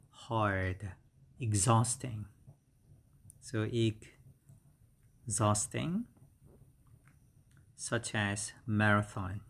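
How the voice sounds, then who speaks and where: A middle-aged man whose first language is Korean, teaching beginner English vocabulary slowly and repeating each word several times. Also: fairly low pitch. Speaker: English instructor. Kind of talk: slow beginner vocabulary lesson.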